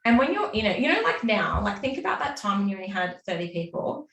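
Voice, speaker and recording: Animated woman, roomy distant sound. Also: medium pitch, quick pace. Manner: animated, acts out her own inner voice. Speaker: guest, business mentor. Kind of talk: casual interview chat.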